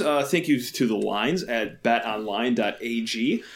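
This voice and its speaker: Man, sports podcast co-host, casual chat, stammering restarts, average pitch. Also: unhurried. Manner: chatty, stammers and restarts, laughs often.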